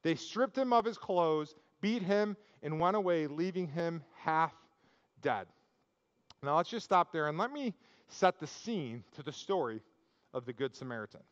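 A male pastor delivers a sermon in a relaxed, story-driven way, slipping in jokes and personal asides. His voice sits fairly high. The sound is a little muffled, with a long church-hall reverb trailing each phrase. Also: measured pace. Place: church sanctuary.

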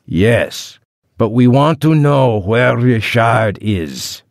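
A man voicing a heavyset, menacing kidnapper boss who interrogates slowly and deliberately in an audiobook. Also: medium pitch, lively intonation, vocal fry, dry recording, studio quality, voice pushed up, heavily acted. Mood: interrogating. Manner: slow, heavy, deliberate questioning.

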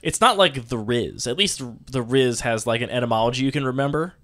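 A man's voice: medium pitch, lively intonation, a little fast, a bit bright. A man co-hosting a podcast in casual chat, joking and teasing in banter. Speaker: podcast co-host.

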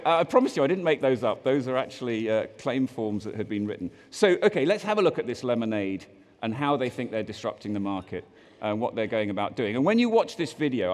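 A man's voice: medium pitch, big pitch swings, fairly quick, big-room sound. A man with a British accent giving a conference keynote, a joking presenter who reads out quotes in mock voices. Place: large conference hall.

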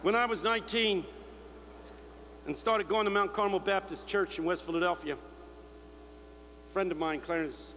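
Older guy preaching, high bright voice, booming hall w/ a little hum. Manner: storytelling, mimicking shouts of others. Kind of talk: sermon. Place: large convention hall. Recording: echoey hall with faint hum.

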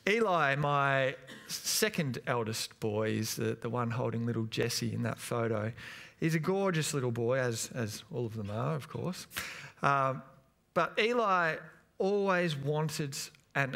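A man in his thirties preaches a sermon in a church, in a voice of middling pitch. He tells stories in a loose, chatty way, pausing on fillers and restarting sentences. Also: expressive, vocal fry, a bit bright. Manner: chatty, anecdotal, hesitant with many fillers. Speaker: pastor.

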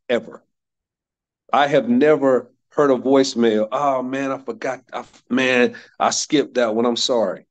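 A man in his fifties from North Carolina, giving a motivational workshop talk, emphatic and repeating key phrases for stress. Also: medium pitch. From North Carolina, United States. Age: 50s. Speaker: workshop speaker.

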